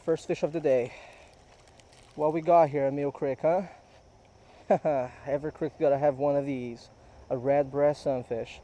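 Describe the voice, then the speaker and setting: A man's voice: on the high side, steady tone, unhurried, pauses often, mellow, highs cut off, close to an everyday voice. A man putting on a folksy southern drawl. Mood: amused. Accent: American South, put on.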